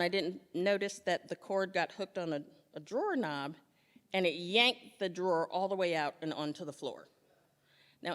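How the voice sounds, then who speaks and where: A woman telling a humorous personal story to an audience, lively and quick to act out the people in it. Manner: animated, jumps into high squeals for quoted lines. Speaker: storyteller on stage. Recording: long hall reverb.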